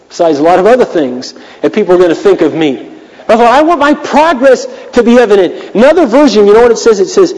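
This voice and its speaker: A man's voice: fairly high pitch, a little mellow. A middle-aged man, a pastor, preaching an earnest, confessional sermon with sudden emphatic outbursts. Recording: long hall reverb.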